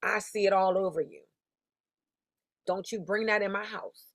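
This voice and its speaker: A woman's voice: medium pitch, moderate pace, no echo, clean studio sound, natural voice. A woman voicing a blunt, scolding old woman in her seventies. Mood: stern. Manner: scolding, no-nonsense.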